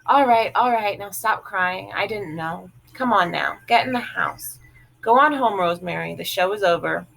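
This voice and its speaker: A woman voicing a stern mother who scolds her daughters slowly and firmly. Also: mid-range voice, creaky, a bit bright, slight background noise, poor audio. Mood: soothing. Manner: scolding, slow and firm. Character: stern, sharp-tongued mother.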